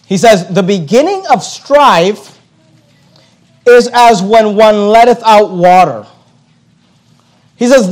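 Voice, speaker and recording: A man preaching a sermon as a pastor, emphatic and repetitive, with rhetorical questions and slow, deliberate scripture reading. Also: sits high, darkish tone. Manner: reads scripture slowly and deliberately.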